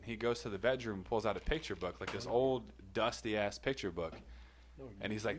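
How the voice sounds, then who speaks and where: Very deep-voiced man swearing through a story. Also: a little fast, slight background noise. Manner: profane, rambling, laughs between lines. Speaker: podcast co-host telling a personal story. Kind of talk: casual storytelling.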